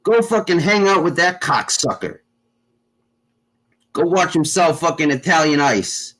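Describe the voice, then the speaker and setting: A man's voice: a little high, animated, unhurried, a bit bright, poor audio. A man hosting a casual chat show, rambling with lots of fillers and constant swearing. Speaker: show host.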